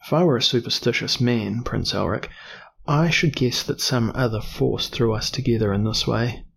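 A man's voice: mid-range voice, gravelly, slightly rough. A man reading a cunning explorer duke. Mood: genial. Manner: deliberate, probing. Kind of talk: audiobook character reading.

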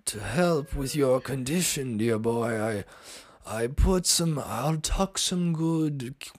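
A man imitating a medium who voices the spirit of an old English doctor, speaking slowly and soothingly in a put-on English accent. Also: mid-range voice, animated, pitched above the performer's own voice.

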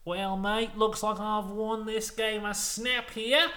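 A man putting on a gruff Australian prime minister. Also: high-pitched, fairly even intonation, takes it slowly, sharp tone, pitched above the performer's own voice, full character voice. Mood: smug. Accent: Australian put-on.

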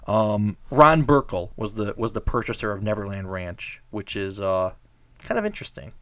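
A man hosting a podcast in casual chat, sarcastic and animated, laughing often. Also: lowish voice, normal speed, no room sound. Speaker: podcast host.

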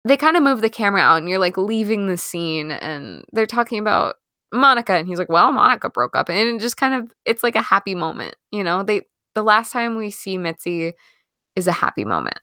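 A woman co-hosting a podcast, recapping a film in animated casual chat with many fillers and restarts. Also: mid-range voice, a little fast, no echo, clean studio sound. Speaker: podcast co-host.

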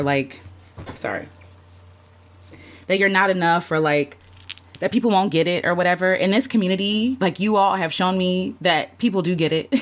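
A woman hosting a casual livestream, speaking heartfelt and openly with many fillers, greeting and thanking viewers by name, emotional and near tears at times. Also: lowish voice. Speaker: content creator hosting a livestream. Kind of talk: casual live-stream chat reflecting on the year.

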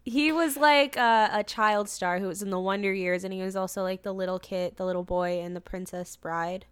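A woman's voice: mid-range voice, steady tone, moderate pace, a bit bright, smooth, no echo, studio quality. A woman co-hosting a podcast in casual chat, rambling with lots of fillers and casual swearing. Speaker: podcast co-host.

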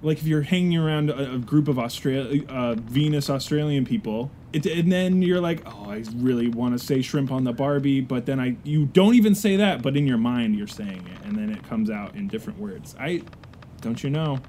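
A man's voice: mid-range voice, normal speed, dark tone, slight background noise. A man improvising a pirate crewman in a comedy scene, with playful, jokey banter. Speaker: podcast co-host.

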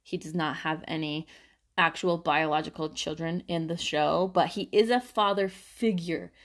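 Speaking at a normal speed with a deep, steady voice, a young woman co-hosting a podcast reads stories sent in by listeners and chats casually. She giggles a lot and leans heavily on "like" as a filler.

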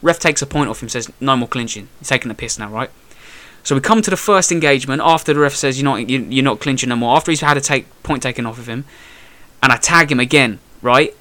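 A man's voice: mid-range voice, quick pace. A young man telling a boxing story in casual chat, acting out quotes and swearing freely. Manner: animated storyteller, acts out quotes, swears a lot. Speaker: boxer telling a fight story.

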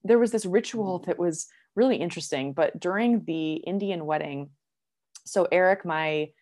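Chatty young woman, slightly low voice. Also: normal speed. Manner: animated, many "like" fillers, laughs while telling. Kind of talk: casual chat, storytelling.

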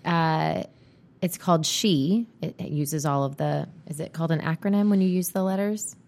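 An easygoing woman co-hosting a podcast, her voice sitting a bit low for a woman. She talks casually and agreeably, often chiming in with short replies. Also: moderate pace, gravelly, darkish tone. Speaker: podcast co-host. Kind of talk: casual chat.

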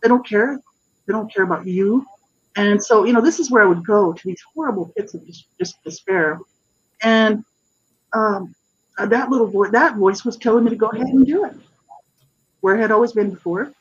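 Middle-aged guest talking about their life, kinda husky, lots of restarts, muffled lo-fi sound. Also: mid-range voice. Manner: earnest, halting, with frequent restarts and fillers. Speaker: guest author. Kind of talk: personal testimony in an interview.

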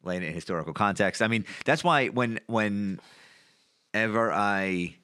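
Low-voiced man, bright and forceful. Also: unhurried, smooth, dry recording, studio quality. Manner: rambling, laughs at own stories. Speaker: podcast co-host. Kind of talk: casual chat.

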